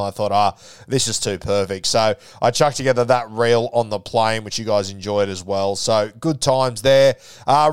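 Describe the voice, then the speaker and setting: A man's voice: mid-range voice, clean tone, no room sound, clean studio sound. A young Australian man telling a casual audio diary, chatty and swearing freely as he spins stories. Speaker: podcast host.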